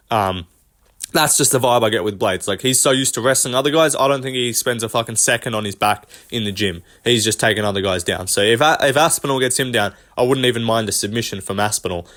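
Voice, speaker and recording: A man's voice: mid-range voice, fairly bright tone. A man giving casual, blunt fight predictions as host, opinionated and profane, with many ums and likes.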